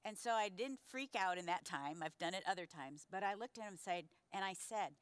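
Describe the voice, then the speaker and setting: A woman in her sixties telling a personal story in a conversational sermon, animated and acting out the voices. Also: on the low side, normal speed, hardly any pauses, no room sound. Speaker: pastor's wife, co-speaker.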